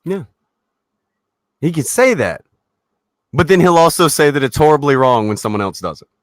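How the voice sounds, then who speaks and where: A man's voice: on the high side, sing-song, normal speed, no echo. Sarcastic, taunting male streamer. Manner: mocking, sarcastic taunting with laughs. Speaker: livestream host. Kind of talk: profane livestream rant.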